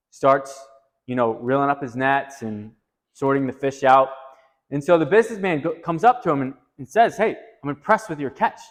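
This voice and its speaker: A man leading a group talk at a retreat, telling a story in an animated way and lifting his voice when he quotes someone. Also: long reverb tail. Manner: animated, rising pitch when quoting. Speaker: retreat discussion leader. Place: retreat meeting room.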